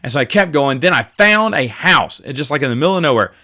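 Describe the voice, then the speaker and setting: A man's voice: fairly high pitch, expressive, quick pace, bright, forceful tone. A man hosting a podcast, telling rambling, self-correcting stories in a casual monologue. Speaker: podcast host.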